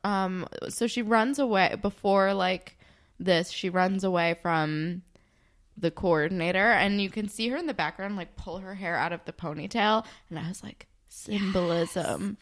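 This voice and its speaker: A young woman co-hosting a podcast, chatting emphatically as she recaps a TV episode. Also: medium pitch. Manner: chatty and emphatic, quick reactions. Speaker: podcast co-host. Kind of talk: casual chat recapping a TV episode.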